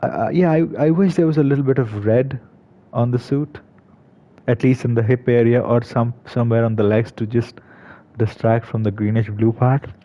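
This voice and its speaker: A man's voice: medium pitch, steady tone, moderate pace. A man giving casual commentary on a game, hesitant, with many fillers and restarts. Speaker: gaming video creator. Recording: slightly dull lo-fi recording.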